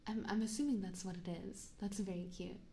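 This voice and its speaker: A woman chatting softly on an ASMR livestream, giggly and apologetic, into a binaural mic. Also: mid-range voice, steady tone, brisk, creaky, a little hiss or hum. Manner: soft-spoken, giggly and apologetic. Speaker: ASMR streamer. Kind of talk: casual ASMR livestream chat. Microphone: binaural dummy-head mic.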